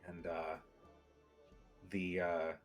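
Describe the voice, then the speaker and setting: A man's voice: low-pitched, monotone, extremely slow, faint music behind. A man narrating a tabletop game as game master, casual and rambling.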